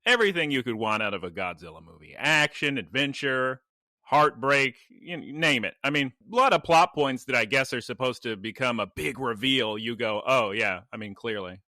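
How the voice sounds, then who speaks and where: Podcast co-host, male, animated storyteller, bright and lively, dry close sound. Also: mid-range voice, normal speed, no echo. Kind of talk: casual chat.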